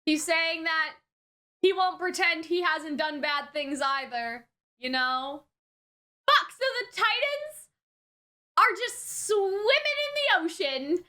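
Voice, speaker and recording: A woman's voice: very high voice, animated, takes it slowly, bright, forceful tone. A woman hosting an anime reaction, commenting casually, thinking aloud and swearing freely in surprise. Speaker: anime reaction channel host.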